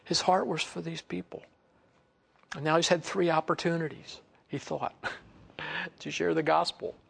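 Middle-aged male pastor, slightly high, gravelly voice, relaxed verse-by-verse Bible teaching with chatty asides. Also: unhurried. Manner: conversational, reads scripture then explains it with chuckles and asides.

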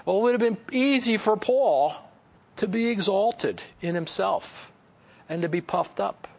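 Guy preaching, kinda high gravelly voice, chatty sermon, lots of you knows. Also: expressive, a little slow. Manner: conversational, frequent "you know" fillers. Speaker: pastor.

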